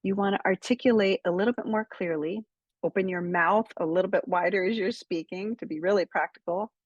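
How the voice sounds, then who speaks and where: A woman speaker coach giving speaking tips straight to camera, with measured, emphatic delivery and deliberate pauses. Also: medium pitch, breathy edge, no echo, muffled recording.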